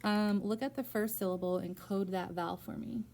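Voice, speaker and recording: A woman with a medium-pitched, creaky, somewhat dark voice tutors a student in phonics one-on-one, speaking at normal speed with fairly even intonation. She prompts step by step with patient encouragement, and there's a little hiss or hum.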